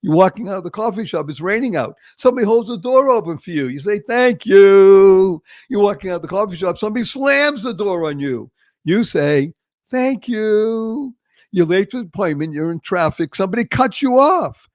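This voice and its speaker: An older man from Boston with a Boston accent, hosting a motivational interview show with animated, emphatic storytelling. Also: high-pitched, fast talker, no room sound. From Boston, Massachusetts. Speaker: show host.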